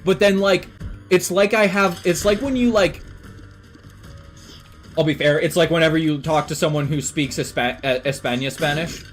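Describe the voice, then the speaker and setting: In casual stream chat, a young man from Canada talks at a normal speed in a fairly high pitch, faint music behind him. He rambles, swears, and uses lots of fillers.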